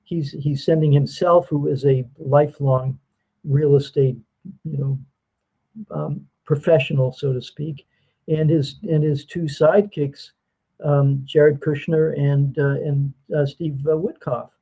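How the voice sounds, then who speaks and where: Husky, mellow-voiced male guest. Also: fairly high pitch, fairly even intonation, poor audio. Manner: measured, halting, with ums. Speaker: guest commentator. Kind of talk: political commentary chat.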